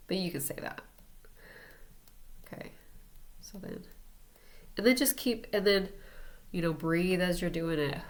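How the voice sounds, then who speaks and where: Low gravelly-voiced woman teaching. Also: unhurried, long pauses. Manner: relaxed, talks while demonstrating tapping on herself. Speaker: energy healing teacher. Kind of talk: casual instructional talk.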